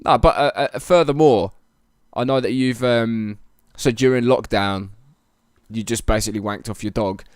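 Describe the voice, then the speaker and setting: A man's voice: mid-range voice, moderate pace, clean tone, no room sound. Guy on a podcast asking questions, lots of ums, teasing, dry mic. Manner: teasing, hesitant, curious questions. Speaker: podcast co-host. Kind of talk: casual chat. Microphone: own microphone.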